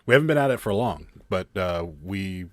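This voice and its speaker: A man's voice: low-pitched, lively intonation, brisk, dry recording. A man who is a guest on an online panel, telling a story in a rambling way with many restarts over a video call. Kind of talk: casual storytelling chat.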